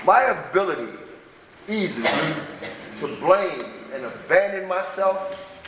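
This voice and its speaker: Profane high-voiced man in an echoey hall. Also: animated, a little slow, background noise. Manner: raw, profane, street-talking storyteller. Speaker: speaker sharing at a recovery meeting. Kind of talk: personal testimony at a twelve-step meeting. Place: large meeting hall. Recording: echoey hall, distant mic.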